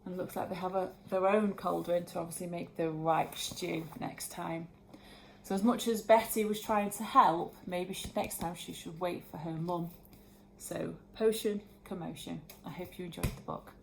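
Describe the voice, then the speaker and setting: A woman's voice: fairly low pitch, steady tone, normal speed, vocal fry, a little hiss or hum. A woman reading a rhyming children's picture book aloud expressively, adding her own comments. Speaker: storyteller.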